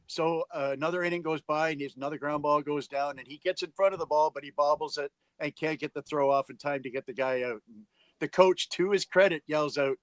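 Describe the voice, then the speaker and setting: A man's voice: fairly high pitch, a little fast, no room sound, low-quality recording. A middle-aged man, co-hosting a sports podcast and recounting umpiring stories emphatically, acting out what people said. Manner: emphatic, acts out quotes. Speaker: podcast co-host, umpire evaluator. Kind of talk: casual storytelling chat.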